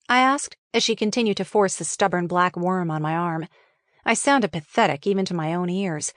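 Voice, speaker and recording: A woman's voice: lowish voice, moderate pace, no echo, studio quality. Frank, wry woman reading her memoir.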